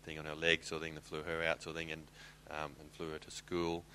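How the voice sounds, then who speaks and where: Man, presenting slides, extremely deep voice, monotone, lots of ums, faint background noise. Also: low-quality recording. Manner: halting, with many fillers.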